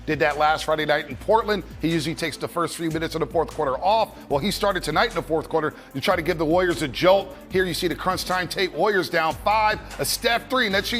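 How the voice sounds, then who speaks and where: A man hosting a basketball postgame show, giving upbeat, brisk recaps of the game. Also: on the high side, fairly bright tone, soft background music. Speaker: sports show host. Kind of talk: postgame studio analysis.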